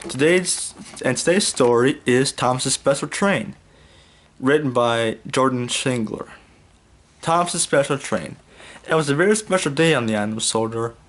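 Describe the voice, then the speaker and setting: A young man reading a fan fiction story aloud in a casual, unpolished way. His pitch sits mid-range for a man, and he stumbles and restarts between phrases. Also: expressive, moderate pace, a bit bright. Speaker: YouTube fan fiction reader. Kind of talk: casual read-aloud narration.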